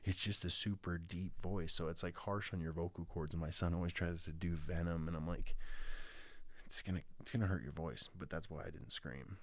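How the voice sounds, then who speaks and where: A man's voice: low voice, little pitch movement, brisk, hardly any pauses, dry recording. A man in his thirties hosting his podcast, talking in a rambling casual monologue full of restarts. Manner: rambling, with many restarts and stammered starts. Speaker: podcast host.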